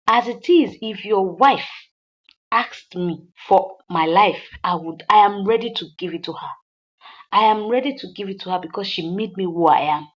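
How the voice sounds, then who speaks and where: A woman's voice: medium pitch, normal speed, natural voice. Woman telling of an earnest loyal man. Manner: earnest, repeating lines for emphasis. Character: devoted younger man advising a rival husband. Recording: slightly dull lo-fi recording.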